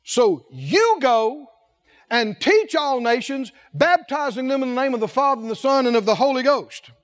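A male preacher with a strikingly high voice delivers a sermon. His pitch leaps and dips all the time, and his lively phrasing pushes the room with rhetorical questions.

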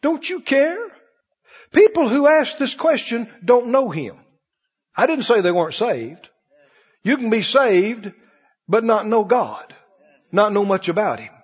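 Husky high-voiced preacher in a hall. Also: male voice, sing-song, unhurried. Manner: storytelling preacher, rising and dropping emphatically. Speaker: pastor. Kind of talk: sermon. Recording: dull lo-fi recording in a reverberant hall.

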